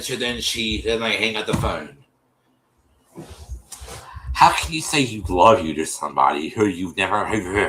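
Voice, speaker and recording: A podcast host rambles through a casual retelling, full of restarts. His lowish voice has a bright, forceful edge. It rings in an echoey room.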